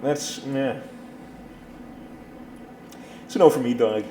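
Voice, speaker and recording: A man's voice: mid-range voice, slow pace, warm tone, a little hiss or hum. A man from the United States, a guest in casual banter, joking bluntly and crudely. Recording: roomy echo.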